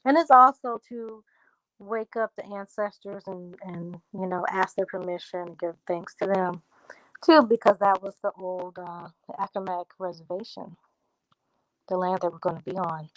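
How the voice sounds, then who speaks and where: Relaxed woman chatting with viewers. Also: mid-range voice, moderate pace, no room sound, poor audio. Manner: talks straight to viewers, reads out comments and answers them; drifts into a relaxed country drawl. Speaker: livestream host answering viewer comments. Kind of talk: casual livestream chat.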